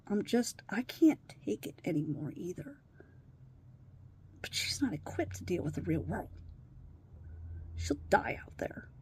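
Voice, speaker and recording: A woman recording a personal video diary while distressed and tearful, dropping to hushed whispers and then rising into swearing outbursts. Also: medium pitch, slight background noise. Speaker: vlogger.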